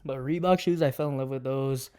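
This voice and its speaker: A man's voice: mid-range voice, a little fast, smooth. A laid-back young man, a college student, chatting casually as a podcast guest. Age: young adult. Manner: laid-back, relaxed storytelling. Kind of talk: casual chat.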